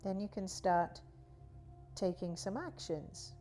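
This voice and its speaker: A woman teaching a guided yoga class, talking in a slow, soothing, drawn-out way. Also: medium pitch, mellow, soft background music. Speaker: yoga instructor.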